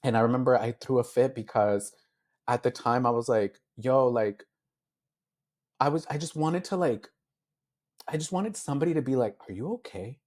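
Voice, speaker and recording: A male beauty influencer appears as an interview guest, telling his story with heartfelt candor in a mid-range, darkish voice. He speaks at a moderate pace with long pauses, uses many fillers, and acts out the thoughts he once had. It's a candid, emotional interview.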